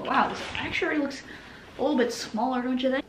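A woman's voice: high-pitched, brisk, slight background noise. Chatty young woman in an echoey room. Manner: scattered, self-mocking, chatty. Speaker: vlogger. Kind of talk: casual talking to camera. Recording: echoey room with faint ambience.

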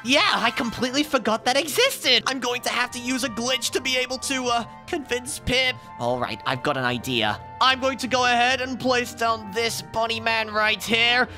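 A bragging, playful boy gamer host, voiced by a performer, talking fast about his game units. The voice is bright and crisp, with a lively, swinging pitch. Faint music plays behind him. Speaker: channel host. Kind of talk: Roblox gameplay chat. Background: faint background music.

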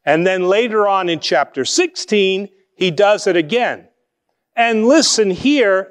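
A male pastor with a voice that sits high delivers a conversational sermon, asking rhetorical questions and moving between quick asides and slow, emphatic phrases.

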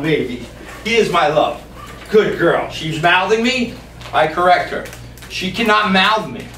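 A man training a dog on camera, explaining each step calmly and emphatically and breaking off to speak to the dog. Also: sits high. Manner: calm, emphatic, talks to the dog in between. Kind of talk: on-the-spot training demonstration. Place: yard and doorway of a house. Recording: distant, echoey camera audio with background noise.

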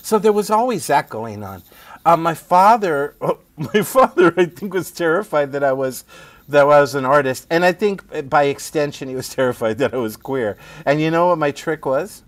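Middle-aged man, animated storyteller, higher voice, dry sound. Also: normal speed, dry recording. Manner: animated storyteller who laughs often and asks "right?". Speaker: guest playwright and poet. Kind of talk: casual conversation.

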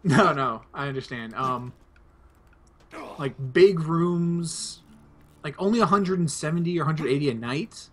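Brief: young male let's-play host, slightly high-pitched, easygoing and rambling storyteller. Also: expressive, a little slow. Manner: rambling anecdote, laid-back. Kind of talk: casual gameplay chat.

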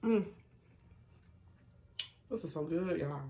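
A woman vlogger telling stories while she eats, chatty and animated, calling her viewers y'all, baby and honey. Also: slow, slight background noise. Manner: animated, with sudden rises in pitch and loudness. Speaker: mukbang vlogger. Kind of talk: casual storytime while eating.

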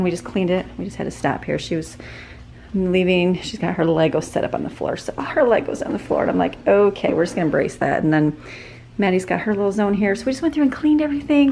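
A woman's voice: creaky, darkish tone. A middle-aged woman and mother chatting casually and cheerfully as she films a home vlog from the kitchen and basement, held on a handheld camera. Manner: chatty, upbeat, talks to her dogs in a high sing-song voice. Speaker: vlogger, mother. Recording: noisy home recording.

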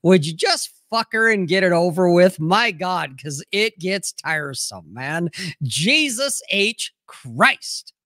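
A man hosting a loose livestream chat, slow and deliberate in his delivery. He talks crudely and bluntly, with plenty of profanity. The sound is dry and close, with no room around it. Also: sits high, very animated, sharp tone, dry recording. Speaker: podcast host.

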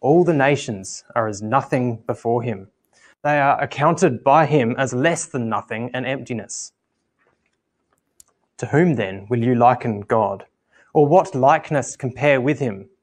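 A man preaching a communion sermon at church and reading scripture aloud in a measured, earnest way. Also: medium pitch.

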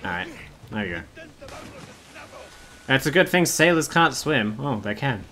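A man's voice: mid-range voice, very animated, a little slow, bright, forceful tone, a little hiss or hum. A man streaming a video game, joking and sarcastic with the characters, laughing often and swearing in casual commentary.

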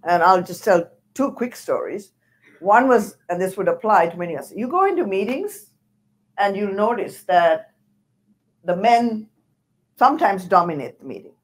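A woman's voice: mid-range voice, normal speed. An older woman speaks as a guest on a leadership panel. She tells her stories with animation and a ready laugh, her voice in the middle of the usual range. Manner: lively storyteller, laughs through points. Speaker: panel guest, former university president. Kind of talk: anecdotal panel talk.

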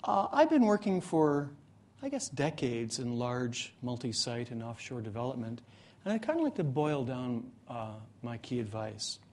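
A man presenting at a meetup, telling a joke and then explaining his ideas in a measured way. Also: mid-range voice. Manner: relaxed joking storyteller, then measured explainer. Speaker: presenter, guest speaker. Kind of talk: live talk at a meetup. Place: meetup room in front of an audience.

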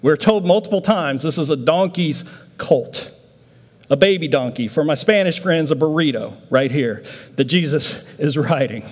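Animated male pastor in a reverberant hall. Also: on the high side, moderate pace. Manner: animated storytelling, voicing disciples in a raised voice. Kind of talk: sermon. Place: church sanctuary.

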